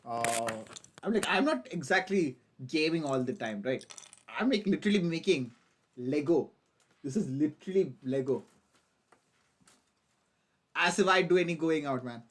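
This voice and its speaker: A man's voice: on the high side, lively intonation, moderate pace, pauses often, slight background noise. A young man, chatting on a casual live stream while building a model kit, hyper, giggly, swearing and rambling. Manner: hyper, giggly and profane, rambling self-mockery.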